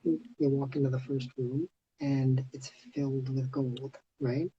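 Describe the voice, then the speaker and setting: A man hosting a casual livestream chat, telling a story in an animated way with lots of "like" and "you know". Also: medium pitch, measured pace, muffled recording, slight background noise. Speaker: host of livestream. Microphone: phone on a live video stream.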